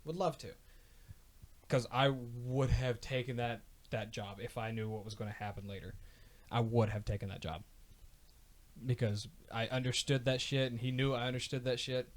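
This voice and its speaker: A man's voice: mid-range voice, fairly even intonation. A man co-hosting a casual podcast, talking bluntly about an old job and swearing freely. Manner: blunt, swears freely, chimes in with quick agreement. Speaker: podcast co-host. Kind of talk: casual chat.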